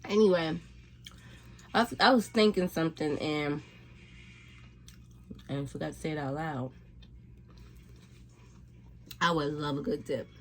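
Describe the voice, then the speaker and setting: Chill woman mukbang vlogger, low voice, slow rambling chat, faint background hum. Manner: laid-back, rambling, talks between bites. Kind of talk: casual eating chat to camera.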